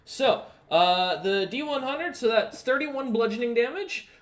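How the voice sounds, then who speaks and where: A man's voice: very high-pitched, animated, a bit bright. A man running an online tabletop game as dungeon master, talking casually with lots of ums and uhs and the odd curse. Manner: casual, profane, halting with many ums and uhs.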